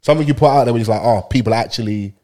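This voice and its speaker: Host, fast, joking banter, casual chat. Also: male voice, mid-range voice, mellow. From United Kingdom. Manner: joking, quick banter, asks questions. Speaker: podcast host.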